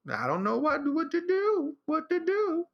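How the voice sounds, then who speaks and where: A man's voice: very high-pitched, huge pitch swings, measured pace, gravelly, muffled recording, pitched above the performer's own voice, heavily acted. A man putting on a silly, sing-song baby-talk voice, cooing and mock-scolding like he's talking to a pet. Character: fussy high baby-talk pet voice, male adult.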